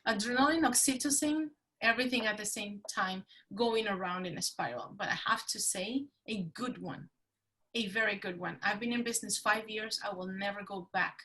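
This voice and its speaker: A middle-aged woman with a Spanish accent, speaking as a podcast guest in an animated, emphatic way that repeats phrases for effect. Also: mid-range voice, normal speed. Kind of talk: casual interview talk.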